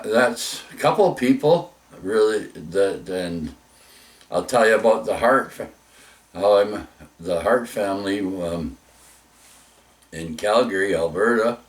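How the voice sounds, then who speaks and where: A man's voice: on the low side, lively intonation, slow, long pauses, far from the mic. A man telling rambling personal stories, full of restarts, mild swearing and "eh?" tags.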